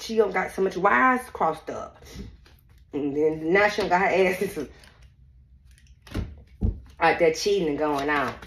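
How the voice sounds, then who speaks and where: Woman psychic reader, casual and blunt, laughs through her lines, very lively pitch, echoey room. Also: a little hiss or hum. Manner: laughs often, blunt and profane, talks straight to viewers. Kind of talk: casual spiritual reading chat.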